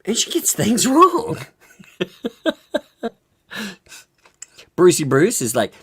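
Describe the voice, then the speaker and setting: A woman's voice: mid-range voice, huge pitch swings, drawn-out words, long pauses, fairly bright tone, slightly rough. A woman hosting a live stream, giving casual, amused and mocking gossip commentary. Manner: amused, mocking, laughing often. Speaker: livestream host.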